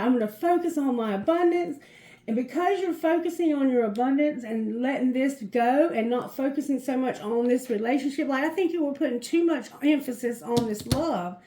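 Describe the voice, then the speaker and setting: A woman's voice: high-pitched, mellow, reverberant. Giggly woman reading tarot cards. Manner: giggly and effusive, laughs often. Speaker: tarot reader. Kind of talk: chatty tarot card reading.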